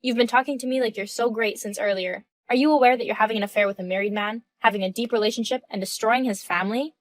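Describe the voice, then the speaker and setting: A woman's voice: a little high, fast talker, dry recording, close to an everyday voice. A woman voicing a firm, indignant wife. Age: 30s. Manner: firm, questioning, cold. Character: composed wife in her mid-thirties, indignant. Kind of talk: reading a text-message story.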